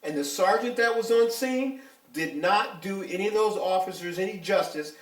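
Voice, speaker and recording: A man's voice: high voice, moderate pace. An older man, a retired police officer giving his views in an interview, talking bluntly and emphatically. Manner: blunt, animated, emphatic storytelling. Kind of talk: casual interview talk. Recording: echoey room, mic at a distance.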